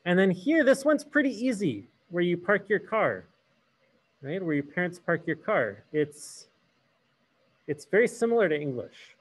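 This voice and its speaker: Husky, lively-voiced man teaching French. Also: sits high, a little slow. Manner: switches between English and French, asks the class questions. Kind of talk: hybrid classroom lesson.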